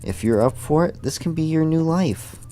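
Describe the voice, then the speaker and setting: A man's voice: fairly high pitch, expressive, moderate pace, warm tone, soft background music, voice pushed up, lightly acted. A man reading a cheerful schoolgirl friend. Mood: encouraging. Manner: upbeat, encouraging, read aloud from game text. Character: cheerful supportive young female schoolgirl friend. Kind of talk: reading visual novel dialogue.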